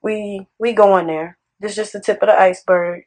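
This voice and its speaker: A woman's voice: mid-range voice, moderate pace, rough recording. Sassy woman podcast host. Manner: animated, sassy and conversational. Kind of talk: casual podcast chat.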